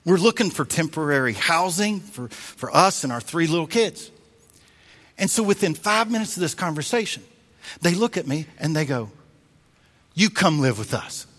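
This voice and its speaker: A man preaching a sermon as a pastor, telling a story in an animated way and acting out the voices he quotes. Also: fairly high pitch, moderate pace. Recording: long reverb of a large hall.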